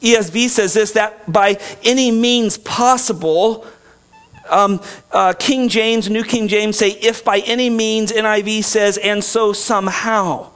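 Man, pastor, high voice, earnest sermon delivery, shifts from hushed to forceful. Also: steady tone. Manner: earnest preaching, swings from soft and slow to loud and emphatic.

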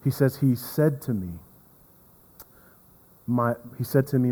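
A man preaching a sermon as pastor, earnest, repeating words and swinging from emphatic to hushed. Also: medium pitch, slow, pauses often. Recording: long reverb of a hall.

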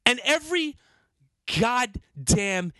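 A man, host of a podcast, telling a heated, profane story in an excitable way. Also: extremely high pitch, slow pace, dry recording.

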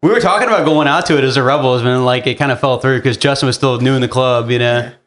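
A man's voice: medium pitch, fast talker, a bit bright. A young man hosting a podcast, chatting casually with loose, joking banter and some swearing. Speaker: podcast host. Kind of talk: casual chat.

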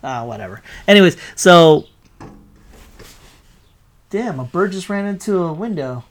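A man excitedly retelling a big movie battle in a casual, rambling way, swearing a lot and correcting himself as he goes. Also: high-pitched, a little slow. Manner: frequent self-corrections and fillers. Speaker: vlogger.

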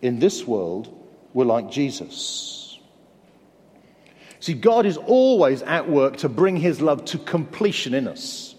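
A man's voice: medium pitch, big pitch swings, takes it slowly, a little mellow. An English man preaching a sermon, earnest and conversational, with self-deprecating humor. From England. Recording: long hall reverb.

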